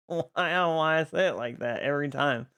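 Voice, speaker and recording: A live streamer on a boom mic, chatting casually with viewers, greeting them by name and laughing often. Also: unhurried, fairly bright tone, clear, resonant tone.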